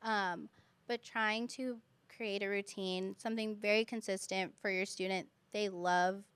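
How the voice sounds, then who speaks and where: A young woman who teaches kindergarten, chatting casually as a podcast guest and telling stories with lively quoted voices. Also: medium pitch, a little slow, clear, resonant tone, dry recording.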